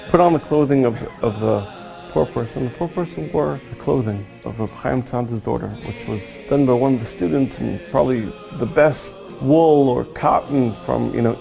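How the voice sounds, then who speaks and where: A man giving a storytelling sermon on Kabbalah, animated and acting out the quoted dialogue. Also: mid-range voice, normal speed, gravelly, faint music behind, low-quality recording. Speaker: Kabbalah teacher.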